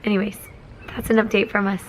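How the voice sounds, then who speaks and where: A woman's voice: mid-range voice, little pitch movement, fast talker, highs cut off, slight background noise. A young woman chatting casually to her phone camera at home, rambling and self-deprecating. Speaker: vlogger and foster mom. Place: home, indoors.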